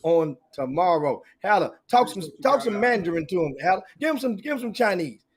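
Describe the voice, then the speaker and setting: A middle-aged man hosting a casual sports talk show, animated and folksy, often repeating himself mid-sentence. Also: high voice, a little fast, a crowd in the background.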